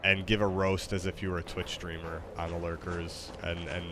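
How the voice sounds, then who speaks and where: Deep-voiced man, laid-back halting gamer chat, noisy stream mic. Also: level tone. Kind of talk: casual chat while gaming.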